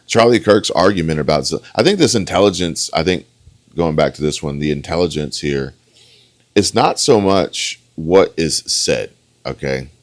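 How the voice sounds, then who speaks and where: A man with an extremely low, deep voice talks through a debate clip in an opinionated, meandering way. He keeps tossing in "okay?" to drive each point home. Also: animated, normal speed. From United States. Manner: opinionated, rambling, punctuates with "okay?". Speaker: online political commentator. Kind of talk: reaction commentary on a debate clip.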